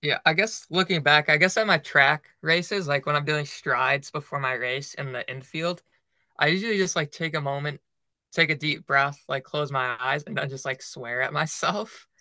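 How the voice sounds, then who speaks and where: A man's voice: on the high side, moderate pace, pushed and bright, no echo. A young man co-hosting a running podcast, chatting casually and filling his talk with "like". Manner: filler-heavy, lots of "like". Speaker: podcast co-host. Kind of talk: casual chat.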